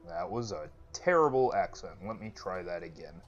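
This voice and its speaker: Lowish male gamer narrating casually. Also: lively intonation, normal speed. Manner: chatty, joking asides. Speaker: let's play host. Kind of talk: casual game commentary. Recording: lo-fi with game music behind.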